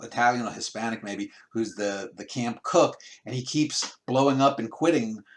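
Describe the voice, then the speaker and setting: A man's voice: mid-range voice, moderate pace. A man interviewing a guest over a video call, asking long rambling questions with many restarts. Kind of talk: casual remote interview.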